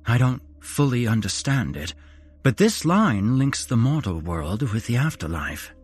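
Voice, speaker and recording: A man's voice: medium pitch, sing-song, a little slow, breathy edge. A man voicing a grieving dead mother who calls her son from beyond the grave, sad and urgent, in a horror story reading.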